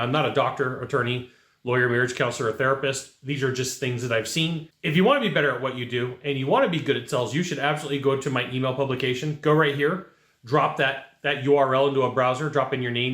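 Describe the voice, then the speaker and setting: A man's voice: mid-range voice, a bit bright, echoey room. Emphatic man giving blunt job advice. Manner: direct and repetitive, emphatic with rhetorical asides. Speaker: channel host giving career advice. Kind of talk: casual advice monologue.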